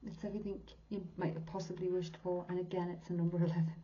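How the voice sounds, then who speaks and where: Earnest woman in her sixties, dark mellow voice. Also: fairly low pitch, flat delivery, fast. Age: 60s. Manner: earnest and heartfelt, often dropping to a whisper. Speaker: psychic medium giving a tarot reading. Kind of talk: tarot card reading. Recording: dull lo-fi recording.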